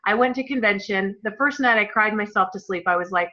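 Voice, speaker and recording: A woman leading a motivational team call, telling her story in a gushing, excited way and talking straight to her listeners as "you guys.". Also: medium pitch, brisk. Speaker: team leader. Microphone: phone or computer call. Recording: muffled lo-fi call audio.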